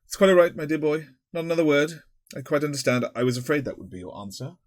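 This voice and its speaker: A man's voice: a little high, animated, fast, dry recording, studio quality, pitched above the performer's own voice, lightly acted. A man voicing a pompous, long-winded elderly headmaster who speaks formally and rambles. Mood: gracious. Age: older.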